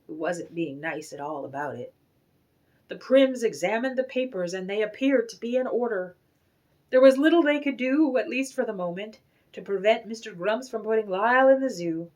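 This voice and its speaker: A woman reading a children's picture book aloud with expressive, animated storytelling. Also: medium pitch, moderate pace.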